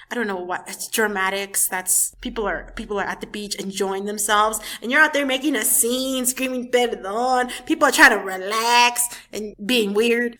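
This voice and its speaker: A young woman giving a blunt, animated, profane show review as a casual vlog. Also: fairly high pitch. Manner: animated, blunt, swears freely.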